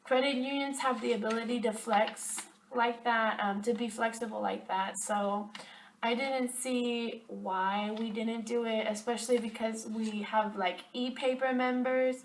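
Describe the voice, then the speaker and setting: A woman's voice: fairly high pitch, steady tone, a little slow, a little hiss or hum. A young woman chatting to camera, ranting about her job with lots of fillers, recorded a little far from the mic. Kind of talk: casual chat to camera.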